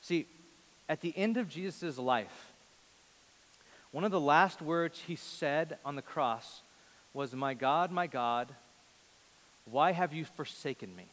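A man in his thirties preaching a sermon in a large church, earnest, rising to loud emphasis and dropping to a hush. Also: a little high, takes it slowly, pauses often, in a large hall. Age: 30s. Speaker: pastor.

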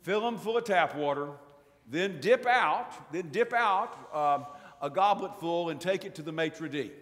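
A man's voice: a little high, animated, unhurried, fairly bright tone, in a large hall. A man doing a dry, offhand young teacher. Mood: instructing. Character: young adult male teacher, dryly reluctant.

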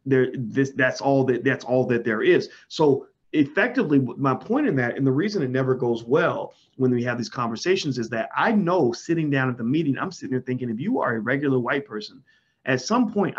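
Husky, emphatic man on a lo-fi recording. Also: animated, fairly quick. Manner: emphatic, swings into sudden loud highs. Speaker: commentator. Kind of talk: impassioned monologue. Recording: dull lo-fi sound.

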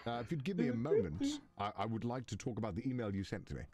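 A man's voice: medium pitch, wildly swooping pitch, fast, loud music behind the voice, voice pushed down. A man voicing a polished adult male butler, Sebastian Michaelis, in a comedic prank phone call with formal, theatrical manners. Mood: formal, suave.

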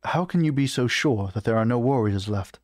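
A man's voice: mid-range voice, expressive, brisk, dry recording, studio quality, natural voice. A man voicing a smug halfling adventurer. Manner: smug, mocking. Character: cocky male halfling adventurer, sharp-tongued.

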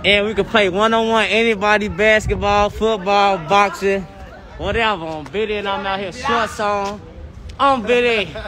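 A man's voice: high voice, fairly even intonation, normal speed, a crowd in the background. A young man hosting a phone livestream outdoors on a city block, using hyped, profane street slang to push his viewer count up. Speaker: livestream host. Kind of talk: casual livestream chat.

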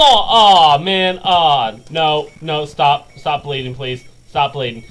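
A man giving jokey let's play commentary, excitable and yelping and laughing as things go wrong. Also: fairly high pitch, takes it slowly, hardly any pauses, poor audio. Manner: excitable, yelps and laughs at mishaps. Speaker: gaming video creator.

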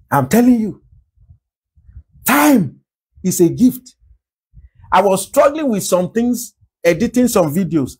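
A man's voice: high voice, breathy edge, rough recording. A man with a Nigerian English accent preaching a sermon as pastor, repeating phrases and firing rhetorical questions. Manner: emphatic rhetorical questions, repetition.

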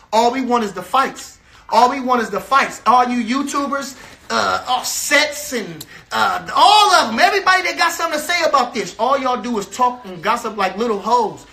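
A man's voice: high-pitched, pushed and bright. A man from a boxer's camp delivering a heated, repetitive, trash-talking rant to the camera.

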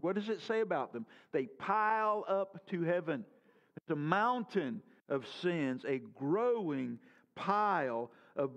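A male pastor preaching with a high-pitched voice. He poses earnest rhetorical questions, lifting his voice and then letting it sink low. The recording is dull and lo-fi. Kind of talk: sermon.

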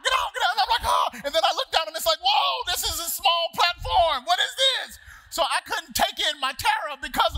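Man, pastor, storytelling sermon, high voice, bright tone, animated. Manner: animated, shouts and laughs while acting out the story; casual colloquial address to the congregation.

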